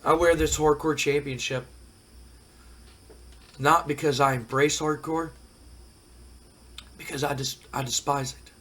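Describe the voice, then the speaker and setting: Man putting on a menacing wrestler promo, slow, brooding, voice cracking from a cold. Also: fairly high pitch, fairly even intonation, a bit bright.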